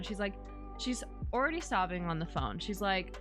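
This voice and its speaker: A woman's voice: medium pitch, expressive, a little fast, a bit bright, soft background music. A young woman streamer chatting casually, rambling with many fillers and restarts as she tells a story. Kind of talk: casual chat while streaming.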